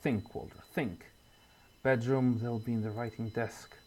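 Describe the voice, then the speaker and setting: A man's voice: fairly even intonation, unhurried, mellow, close to an everyday voice. A man reading as a drunk scheming writer. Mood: muttering. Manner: low muttering, reading dialogue aloud. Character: drunk scheming failed male writer, 1940s husband. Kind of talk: reading game dialogue aloud.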